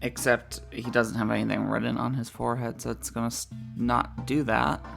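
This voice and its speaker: Excitable woman doing game commentary. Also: rumbling low, normal speed, creaky, over music. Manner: excitable, profane, mimics characters. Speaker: let's play host. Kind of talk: casual gameplay commentary.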